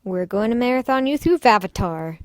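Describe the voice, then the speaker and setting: A woman reading a visual novel aloud, voicing a bubbly, bossy teenage schoolgirl with a pushy, excited delivery. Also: a little high, a little fast, no echo, close to an everyday voice. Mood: teasing.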